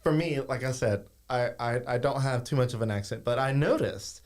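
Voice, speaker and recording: A man's voice: mid-range voice, moderate pace. Man with a light Cajun accent. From South Louisiana. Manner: animated storyteller, slips into Cajun phrases. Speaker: podcast host. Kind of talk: casual interview chat.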